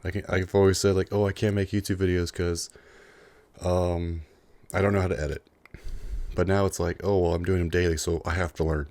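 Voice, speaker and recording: A man's voice: low-pitched, little pitch movement, fairly quick, a little mellow, no room sound. A young man in a casual, unscripted vlog, rambling earnestly with lots of fillers, a little out of breath. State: slightly out of breath, chewing a cough drop. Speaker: YouTuber.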